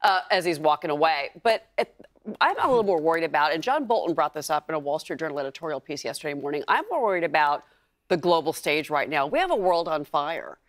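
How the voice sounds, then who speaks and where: A woman's voice: sits low, lively intonation, fast, no room sound. A woman commentator on a TV news panel, giving earnest, concerned analysis.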